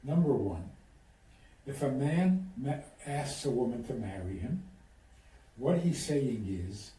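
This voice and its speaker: A rabbi gives advice during an interview, telling stories in an animated, conversational way and acting out quoted dialogue. His voice is medium-pitched and slow with frequent pauses, and the recording is roomy, with him distant from the mic.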